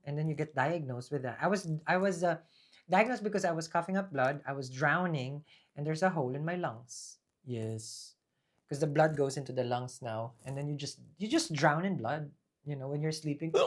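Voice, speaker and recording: A man giving a casual tarot reading. He rambles and restarts, speaks with a preaching tone about faith, and bursts into loud, emphatic talk. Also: a little high, moderate pace. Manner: rambling, with frequent fillers and restarts. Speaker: tarot reader. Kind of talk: casual spoken tarot reading with personal testimony.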